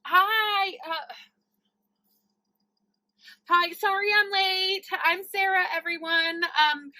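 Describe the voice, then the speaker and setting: A high-pitched woman with a bright, crisp tone, recorded dry and close. She performs an animated comic monologue, unhurried and slipping into Spanish. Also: dry recording, poor audio. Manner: animated, switching between English and Spanish. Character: frazzled adult woman teaching and on calls. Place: home, recorded for a virtual play festival.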